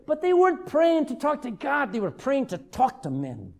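Older man, pastor, high-pitched, humorous sermon delivery. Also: moderate pace. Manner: humorous, lively storytelling.

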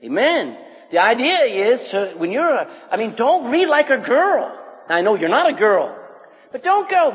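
A male pastor preaching a sermon to young men in an animated, teasing way, calling on listeners in the congregation. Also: very high-pitched, moderate pace. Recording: echoey hall.

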